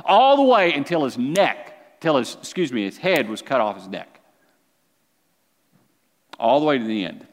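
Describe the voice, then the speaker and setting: A man preaching a sermon as a pastor, with animated delivery that climbs to near-shouts and then drops low. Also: a little slow, pauses often. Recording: long hall reverb.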